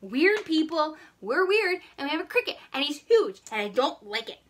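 A woman's voice: sits high, very animated, moderate pace, a bit bright. A young woman chatting through a live makeup tutorial, jittery and panicky, laughing between lines. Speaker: makeup vlogger.

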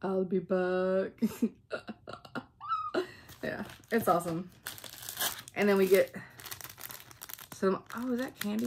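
Lady vlogging at home, gravelly voice, bubbly rambling chat, faint hiss behind. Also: medium pitch, takes it slowly, long pauses. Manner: chatty, bubbly, says um a lot. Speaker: flosstube vlogger. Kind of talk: casual chat showing craft supplies.

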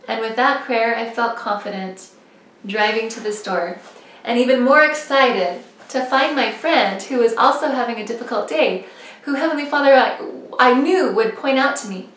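A woman vlogger telling a personal faith story in an animated, self-mocking way, with quick asides. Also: a little high. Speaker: religious vlogger. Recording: echoey room, mic at a distance.

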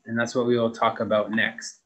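A young adult man teaching an English grammar lesson, slowly stretching out key words as he models them for students. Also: mid-range voice, flat delivery, fairly bright tone, low-quality recording.

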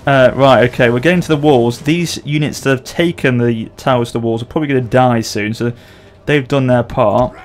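A man's voice: mid-range voice, brisk, hardly any pauses. A man in his thirties hosting a casual, jokey multiplayer game session, laughing often. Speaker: gaming channel host. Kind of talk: casual multiplayer gameplay chat.

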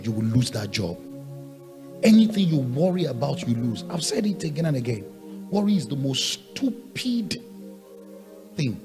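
A man preaching a sermon, swinging from quiet asides to loud shouted points and hammering on repeated rhetorical questions. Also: medium pitch. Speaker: pastor.

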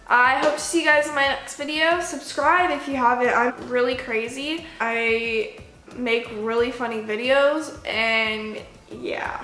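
A young woman vlogger casually telling a story, animated and chatty, acting out the people she quotes. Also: high voice, normal speed, soft background music. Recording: echoey room.

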